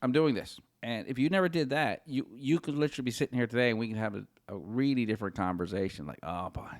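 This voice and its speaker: A man's voice: mid-range voice, quick pace, no room sound. Guy on a podcast giving pep-talk advice, repeats himself to hammer it home, dry mic. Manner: earnest, encouraging, repeats points for emphasis. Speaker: podcast guest. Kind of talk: casual conversation.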